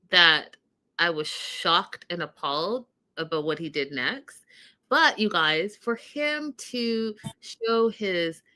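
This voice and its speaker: A woman's voice: lowish voice, pushed and bright. A woman hosting a reality TV recap show, chatting casually and animatedly, laughing often and calling her viewers y'all.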